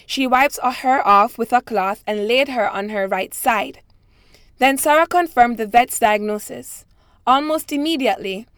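A woman with a Jamaican accent speaks in a fairly high voice. She reads a passage aloud and talks about her accent at a steady, careful pace. The sound is dry and close. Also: no echo. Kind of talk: reading a set passage, then explaining her accent.

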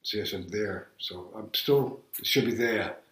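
A man in his seventies with a Boston accent, reading a passage aloud and then reminiscing casually in a plain, unhurried way. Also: lowish voice, lively intonation, fairly bright tone, echoey room, poor audio. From south of Boston, USA. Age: 70s.

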